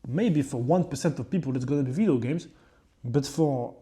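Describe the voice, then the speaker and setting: French-accented young man, dark voice. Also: medium pitch, normal speed. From France. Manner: rambling and profane, with frequent asides. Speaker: chef and fitness creator. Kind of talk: casual vlog monologue.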